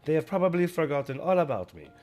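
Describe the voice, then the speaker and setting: एक आदमी द्वारा निभाया गया एक घबराया हुआ जर्मन इंजीनियर, बनावटी जर्मन लहजे में, ऊँची आवाज़ में रुक-रुककर माफ़ी माँगता हुआ। पीछे हल्का संगीत बजता है।. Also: male voice, a little high, very animated, darkish tone, soft background music, pitched above the performer's own voice. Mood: pleading. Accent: put-on German accent. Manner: halting, apologetic, stammering. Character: anxious German engineer, middle-aged man, timid and pleading.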